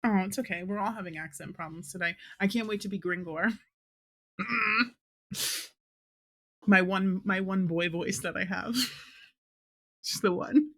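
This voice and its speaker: A woman's voice: mid-range voice, slow pace, pauses often, a bit bright. A woman running a tabletop game with friends, laughing often and swearing freely. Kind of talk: tabletop game session, casual chat.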